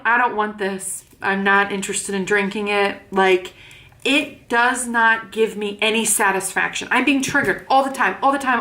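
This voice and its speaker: Tired young woman venting on her vlog, kinda high voice, frank and repeats herself a lot. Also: sharp tone. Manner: frank, venting, frustrated and repetitive. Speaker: vlogger. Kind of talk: casual vlog.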